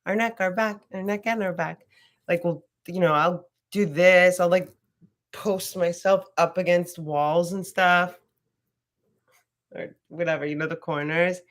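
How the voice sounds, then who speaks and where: A woman's voice: lowish voice, fairly even intonation, measured pace. A woman teaching a casual live yoga class, chatty and rambling, swearing freely as she talks.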